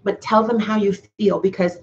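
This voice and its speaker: A woman chats with her live viewers in a heartfelt, earnest way, circling back and restarting her sentences. Her voice sits at a middle pitch. The sound is slightly dull and lo-fi. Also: fairly even intonation, moderate pace, a little mellow, slight background noise. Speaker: YouTuber talking to live chat. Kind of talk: casual live-stream chat.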